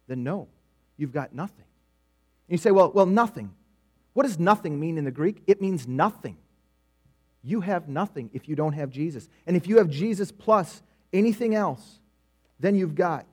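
High-voiced man preaching a sermon. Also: expressive, unhurried, long pauses, darkish tone, husky. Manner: conversational storytelling preaching with repetitions.

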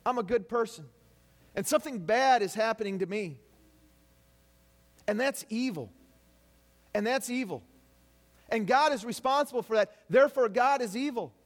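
A man preaching a sermon to his congregation, talking animatedly and acting out people's complaints in quoted voices. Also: extremely high pitch. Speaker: pastor.

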